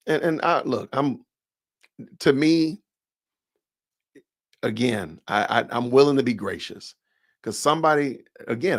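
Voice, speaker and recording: A man's voice: medium pitch, no room sound, studio quality. A man with a Southern US accent hosting a podcast livestream, talking in a chatty, rambling way that often doubles back on itself. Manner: chatty, rambling, self-correcting. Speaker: podcast host. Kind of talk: casual livestream talk.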